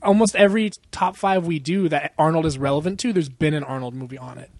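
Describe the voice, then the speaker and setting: A man's voice: a little high, quick pace, darkish tone, dry recording. A young man co-hosting a podcast in casual chat, rambling and profane, laughing often and acting out quotes. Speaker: podcast co-host.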